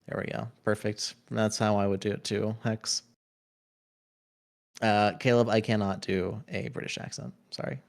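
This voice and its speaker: A man's voice: fairly low pitch, little pitch movement, moderate pace, gravelly. A man streaming a game, casually reading viewers' chat messages aloud and adding playful, jokey asides. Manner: playful, jokey asides between read-outs.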